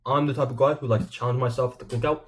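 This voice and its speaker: A man's voice: mid-range voice, quick pace, slight background noise, close to an everyday voice. A man putting on a self-assured fighter boasting about his cooking. The put-on voice stays close to the man's own. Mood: boastful. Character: impression of a confident male fighter-chef.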